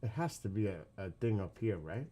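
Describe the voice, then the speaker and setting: A man's voice: fairly low pitch, very animated, brisk, warm tone. Chatty New York streamer man. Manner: chatty, keeps quizzing the chat, laughs often. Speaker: live streamer. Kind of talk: casual late-night live-stream chat with viewers.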